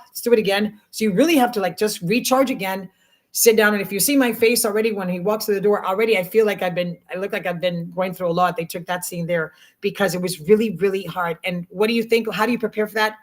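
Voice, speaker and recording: A middle-aged woman actress telling stories in a casual interview, emotional and animated, with many restarts. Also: fairly low pitch. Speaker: actress guest.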